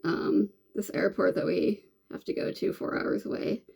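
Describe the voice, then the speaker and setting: Woman vlogger, casual makeup chat, gravelly fry, rambling delivery. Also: medium pitch, moderate pace, darkish tone. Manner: rambling, chatty, many fillers and restarts. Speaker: beauty vlogger.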